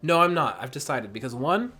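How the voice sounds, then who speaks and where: Man streamer, tipsy and a bit hoarse, rambling jokey game chat, voice jumping all over. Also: mid-range voice, big pitch swings, brisk, pushed and bright, faint music behind. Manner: rambling, self-mocking, jokey. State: mildly tipsy. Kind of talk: casual gameplay commentary.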